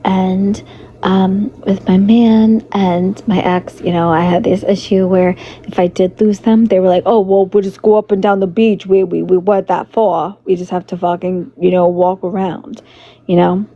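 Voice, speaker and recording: A woman livestreaming in a loose, rambling way, greeting her viewers and fighting a hoarse, fading voice. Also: medium pitch, level tone, normal speed, warm tone. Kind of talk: casual livestream chat. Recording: dull lo-fi stream audio with faint noise.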